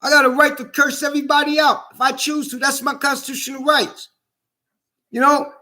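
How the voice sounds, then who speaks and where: A man's voice: very high-pitched, level tone, fairly quick, pushed and bright. A man delivering a heated, indignant vlog monologue, repeating himself and swearing often. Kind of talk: angry personal vlog monologue.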